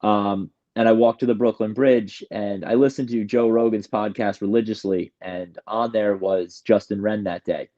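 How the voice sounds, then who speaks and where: A man's voice: on the low side, steady tone, moderate pace, hardly any pauses, dark tone, highs cut off. A man from New York telling his recovery story in a candid, emotional, rambling way, often starting his sentences over. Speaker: guest sharing recovery story.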